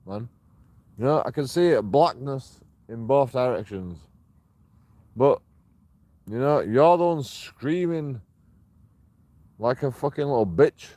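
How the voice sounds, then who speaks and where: An angry, profane man ranting and taunting people, recorded outdoors on a dark path at night. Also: mid-range voice, animated, slow, long pauses, no echo. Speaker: street auditor filming himself. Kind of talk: confrontational vlog rant.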